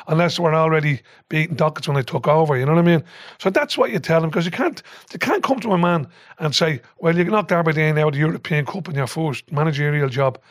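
Irish man telling lively, sweary stories. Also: fairly high pitch, no room sound, studio quality. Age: older. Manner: animated storyteller, swears, acts out shouts. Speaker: podcast guest, former football manager. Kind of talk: casual storytelling chat.

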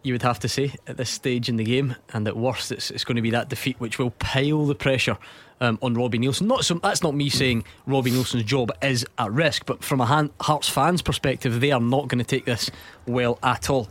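A man's voice: mid-range voice, a little fast. A man hosting a football radio show, teasing his studio guests and laughing easily. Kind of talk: casual studio banter.

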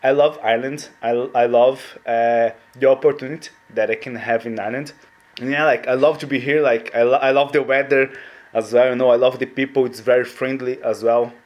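A man's voice: mid-range voice, steady tone, a little fast, highs cut off. A Brazilian man who speaks Portuguese natively, working as a head chef, speaking English with a Brazilian accent in a cheerful way, using simple phrasing and a lot of "like".

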